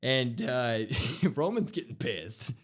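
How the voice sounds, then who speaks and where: On a wrestling podcast, this co-host goes over an episode in easygoing conversation, speaking slowly in a mid-range voice. He gets lively when he performs the quotes, raising his voice for them.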